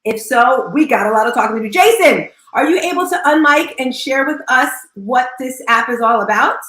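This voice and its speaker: A woman hosting a live audio room, talking in an energetic, bubbly, animated way. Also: high voice, fairly quick, echoey room, rough recording. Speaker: host.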